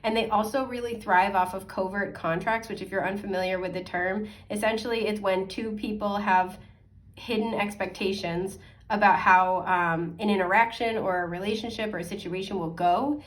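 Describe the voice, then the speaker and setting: A woman's voice: mid-range voice, steady tone, moderate pace. A woman giving a casual weekly tarot forecast to her viewers, rambling with lots of fillers, correcting herself and apologizing with a laugh. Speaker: astrology and tarot reader. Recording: voice a bit distant from the mic.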